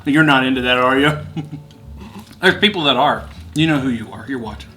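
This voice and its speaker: Upbeat guy, vlog co-host, jokey candy talk, bright tone. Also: mid-range voice, lively intonation, normal speed, faint music behind. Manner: playful, joking, laughs often. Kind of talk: casual candy-tasting chat.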